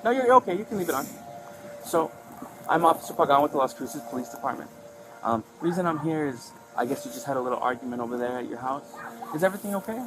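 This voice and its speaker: A male police officer talks calmly and politely to a woman outdoors, recorded on a body camera. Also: medium pitch, quick pace, over music. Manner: calm, reassuring, polite. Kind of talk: bodycam conversation. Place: outdoors on a street. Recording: noisy bodycam audio outdoors.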